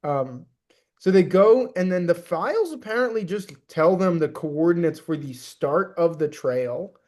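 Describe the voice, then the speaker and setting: A man's voice: on the high side, animated, a little slow, darkish tone. A young man co-hosting a podcast, chatting casually about a movie, rambling with many restarts and slipping into mock voices for quotes. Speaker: podcast co-host. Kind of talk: casual movie review chat.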